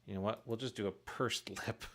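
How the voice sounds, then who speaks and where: A man's voice: lowish voice, fairly even intonation, brisk, a bit bright. A man casually narrating his work on a live stream, thinking aloud and chuckling at his own mistakes. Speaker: streamer making pixel art for a game.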